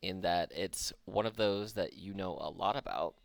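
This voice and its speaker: A man narrating as the game master of a tabletop game, unhurried and hesitant, with many pauses and fillers. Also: low-pitched, gravelly, no echo.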